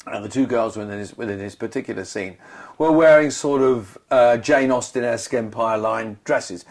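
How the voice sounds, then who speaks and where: A man co-hosting a podcast tells a long, rambling anecdote, restarting often and wandering into asides. His pitch sits in the middle and he speaks at a normal speed.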